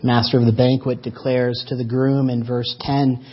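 A man preaching a sermon as pastor, swinging between loud emphatic lines and soft drawn-out words. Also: mid-range voice, flat delivery, breathy edge. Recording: dull lo-fi church audio.

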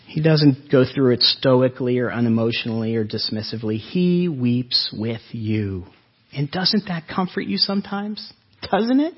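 Husky-voiced man preaching a sermon. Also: medium pitch, lively intonation, normal speed, highs cut off. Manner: earnest preaching, voice swells then drops soft. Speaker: pastor.

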